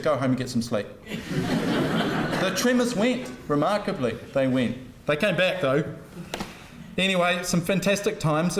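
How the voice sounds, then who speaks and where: A man's voice: a little high, a little hiss or hum. A middle-aged man giving a humorous, anecdotal university lecture, self-deprecating and full of jokes. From New Zealand. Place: lecture hall. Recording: roomy lecture hall sound.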